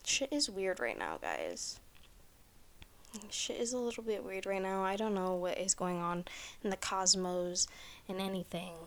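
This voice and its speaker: A woman's voice: medium pitch, big pitch swings, slow, pauses often. A young woman hosting a casual solo podcast, rambling with lots of "like" and frequent swearing. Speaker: podcast host.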